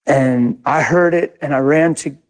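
A man's voice: fairly high pitch, a little slow. An older man preaching a sermon, telling a story with emphatic, intense repetition. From grew up in a city. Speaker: pastor.

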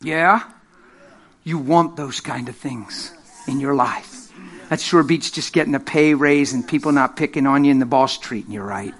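A middle-aged man preaching a sermon, telling stories with lively energy, laughing and acting out the voices of the people in them. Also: medium pitch, moderate pace. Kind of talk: sermon with storytelling. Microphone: handheld microphone.

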